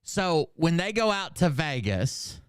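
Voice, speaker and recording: A man's voice: on the high side, very animated, takes it slowly, clear, resonant tone, dry recording, clean studio sound. A man hosting a commentary channel, talking casually and rambling, often losing track of names and swearing in asides. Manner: rambling and forgetful, loses names, profane asides.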